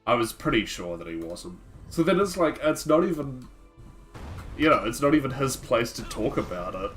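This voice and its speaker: A man's voice: mid-range voice, sing-song, normal speed, fairly bright tone, soft background music. A man streaming a card game, chatting loosely with his viewers in a rambling way, full of "like" fillers. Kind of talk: casual live-stream chat while playing.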